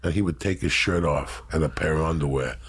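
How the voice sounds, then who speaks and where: A middle-aged man telling crude, profane stories in a brash, animated way on a talk show. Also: extremely low pitch, fairly quick, slightly rough. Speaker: storyteller guest. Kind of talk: profane casual storytelling.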